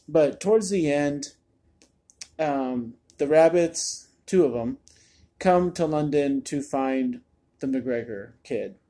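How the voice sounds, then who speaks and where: A man talks through a movie review in a loose, chatty way, sounding exasperated and often repeating a word as he restarts a sentence. His voice sits a little on the high side, with a mellow, soft-edged tone. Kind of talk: casual spoken review.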